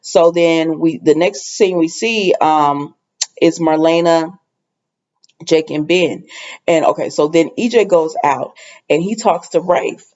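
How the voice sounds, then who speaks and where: A woman's voice: sits low, slow, darkish tone, highs cut off. A woman casually recapping a soap opera episode, rambling with lots of fillers and asides.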